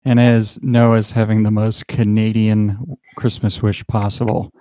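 Low, mellow-voiced game master. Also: male voice, no room sound. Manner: relaxed, halting scene-setting with fillers. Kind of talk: narrating a tabletop game.

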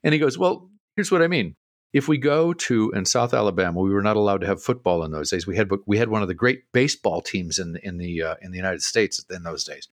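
A middle-aged man on a podcast, co-hosting and telling an animated story with a lot of laughter. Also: low-pitched, fast talker, few pauses, dry recording, clean studio sound. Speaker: co-host. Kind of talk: casual storytelling.

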